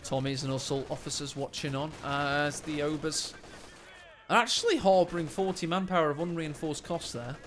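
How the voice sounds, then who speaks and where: Bright-voiced game caster. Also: male voice, a little high, normal speed, a little hiss or hum. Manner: cheeky, joking asides. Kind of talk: casual play-by-play game commentary. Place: at home late at night.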